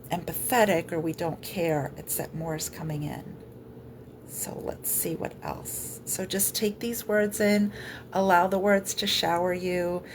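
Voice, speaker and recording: Lady healer on a livestream, low-ish soft voice, gentle and slow, faint room hum. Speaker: energy healer. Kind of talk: live-streamed healing session.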